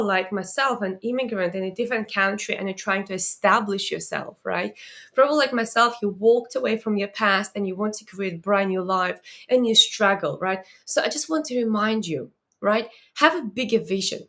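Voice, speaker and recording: Higher-pitched woman coaching. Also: fairly bright tone. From Latvia. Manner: earnest, ends phrases with tag questions; slightly non-native English phrasing. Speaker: mindset coach and speaker. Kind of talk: motivational talk to camera.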